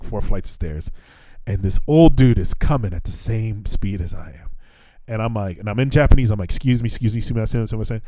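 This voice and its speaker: A man's voice: lowish voice, no room sound. A man hosting a podcast, telling a story in casual chat, swearing often and acting out the voices in it. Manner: profane, animated, acts out dialogue. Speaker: podcast host.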